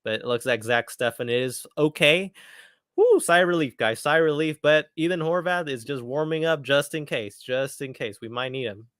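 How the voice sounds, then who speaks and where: A man's voice: medium pitch, normal speed, hardly any pauses, a bit bright, dry recording, clean studio sound. A man hosting a live football watchalong, reacting eagerly and chatting casually, often repeating his phrases. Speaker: watchalong host. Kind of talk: live match commentary watchalong.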